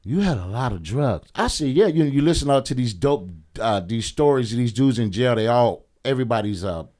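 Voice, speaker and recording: A middle-aged man, a podcast guest, telling a story in a casual, animated and profane way, often acting out the voices of people he quotes. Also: mid-range voice, a little fast.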